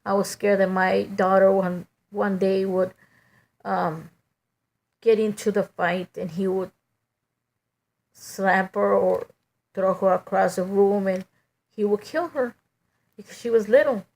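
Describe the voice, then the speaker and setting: A middle-aged woman giving a halting, emotional personal testimony, full of "you know" and restarts. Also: mid-range voice, fairly even intonation, creaky, a little mellow.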